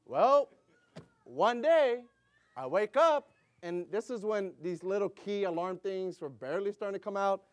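A middle-aged man preaching a sermon, telling stories with animated delivery, laughing and acting out voices. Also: high-pitched, a little slow, a little hiss or hum. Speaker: pastor.

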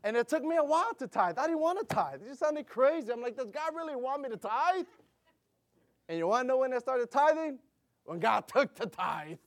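High-voiced animated male preacher. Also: fairly quick. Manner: animated storytelling, laughing often, acting out voices. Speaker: pastor. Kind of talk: sermon.

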